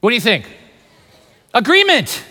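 A pastor from the Bay Area delivers a lively sermon, often stopping to ask the congregation questions. His voice sits high and sounds bright and forceful. A long reverb trails behind him in a large hall. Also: moderate pace. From Bay Area, California. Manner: animated, asks the crowd questions.

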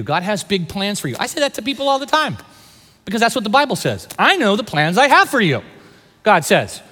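Animated man preaching in a big hall. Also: high voice. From Bay Area, California. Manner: animated, asks the crowd questions. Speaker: pastor. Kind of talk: sermon. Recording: long hall reverb.

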